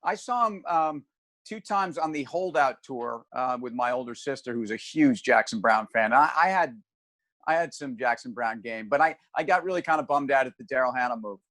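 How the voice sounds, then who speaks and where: A man's voice: medium pitch, expressive, moderate pace, a bit bright, no room sound. A man co-hosting a casual talk show about markets, rambling with many restarts and fillers. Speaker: podcast co-host.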